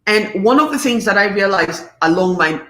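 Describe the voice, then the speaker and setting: A woman's voice: medium pitch, normal speed, roomy sound. A woman in her fifties hosting a live talk, speaking emphatically and reading out viewers' comments. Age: 50s. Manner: emphatic, animated, preachy. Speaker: host.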